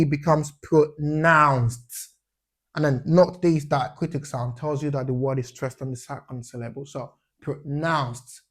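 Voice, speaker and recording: Slow, deliberate male English teacher. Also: on the high side, a bit bright. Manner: checks in with a questioning "yeah?" after points; drills sounds by repeating them. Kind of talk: pronunciation lesson.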